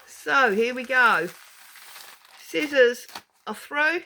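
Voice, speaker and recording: Giddy, excitable woman. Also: on the high side, slow, pauses often, slight background noise. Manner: giddy, excitable, talks to herself. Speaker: crafting channel host. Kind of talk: casual crafting vlog, unboxing. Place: at a crafting desk indoors.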